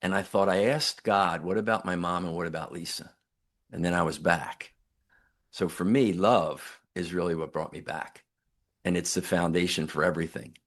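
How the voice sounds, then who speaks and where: A very deep, low male voice carries this older man's storytelling. He speaks earnestly and reflectively, leaning into the quoted lines he recalls. It sounds like a sincere podcast interview guest. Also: steady tone, normal speed, a bit bright. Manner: earnest, reflective, retells dialogue with emphatic quotes. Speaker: guest, near-death survivor and author.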